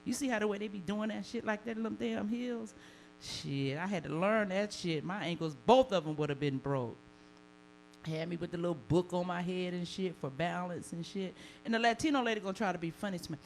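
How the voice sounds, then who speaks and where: A woman from the Deep South with a Southern accent, performing bawdy, animated live stand-up comedy and laughing at her own jokes. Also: slight background noise, poor audio. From Deep South of the United States. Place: comedy stage before a live audience.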